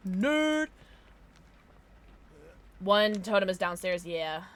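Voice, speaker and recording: Her mid-range voice is animated and fairly bright, and she takes her time as she speaks. She's a tired woman livestreaming a game, rambling in casual chat with viewers, reading names aloud and laughing a lot.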